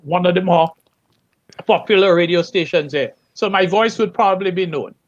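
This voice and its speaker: A man from Lucia, a panel guest telling an animated story and acting out other people's lines. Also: sits high, normal speed, dull audio. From Saint Lucia. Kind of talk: anecdotal storytelling.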